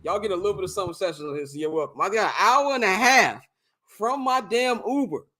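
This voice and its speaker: High-voiced man telling a rowdy story. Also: fast talker. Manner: animated, profane, laughing storyteller. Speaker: podcast co-host. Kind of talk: casual storytelling chat.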